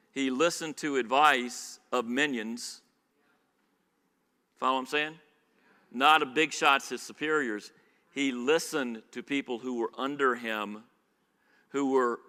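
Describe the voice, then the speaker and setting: Animated male preacher in a reverberant church. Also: medium pitch. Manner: animated, swings between loud emphasis and quiet asides, asks the congregation questions. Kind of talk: sermon. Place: church sanctuary. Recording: live church sermon with long hall reverb.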